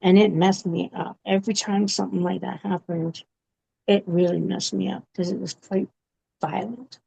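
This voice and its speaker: A woman giving a personal testimony in an interview, speaking haltingly with many pauses and fillers. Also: fairly low pitch, flat delivery, dark tone. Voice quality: gravelly. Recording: dull, muffled recording.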